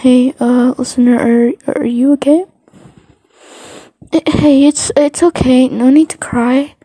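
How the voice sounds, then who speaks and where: A gentle teenage boy from a fan audio story, stammering and tripping over his words as he tries to comfort someone, as a woman puts him on. The voice sits a little high and mellow, with soft, careful delivery. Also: steady tone, a little slow, no room sound. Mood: soothing.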